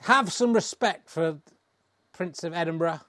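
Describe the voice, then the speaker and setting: A man's voice: on the high side, unhurried, pushed and bright, dry recording, clean studio sound. A man voicing a pompous royalist commentator who scolds indignantly and stumbles over titles.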